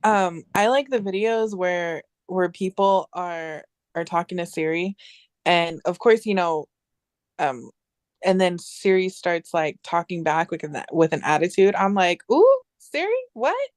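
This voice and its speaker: Woman guest, casual chat, animated, restarts often, dry sound. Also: on the low side, a little slow, smooth, dry recording.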